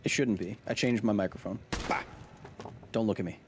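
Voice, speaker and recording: A man's voice: lowish voice, brisk, a little hiss or hum. A man live-streaming a video game, chatting with his viewers in a jokey, casual way and reading in-game notes aloud.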